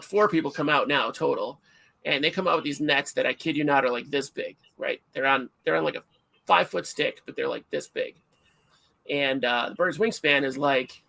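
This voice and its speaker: A middle-aged man hosting a livestream, chatting casually and telling stories in an animated, self-mocking way. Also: fairly high pitch, gravelly. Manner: animated storyteller, self-mocking, acts out shouts. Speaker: livestream host.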